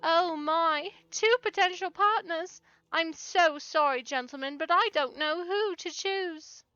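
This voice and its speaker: A woman's voice: very high voice, unhurried, sharp tone, no echo, pitched above the performer's own voice, full character voice. A woman voicing a sweet, prim young woman who speaks politely and gushes. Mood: flustered. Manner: polite, gushing. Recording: dull lo-fi with background music.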